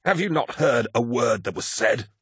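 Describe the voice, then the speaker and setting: A man reading an audiobook, voicing a scheming male warrior who speaks in a measured, menacing way. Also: medium pitch, lively intonation, a bit bright, breathy edge, dry recording, studio quality, pitched above the performer's own voice. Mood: urgent. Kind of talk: audiobook character voice.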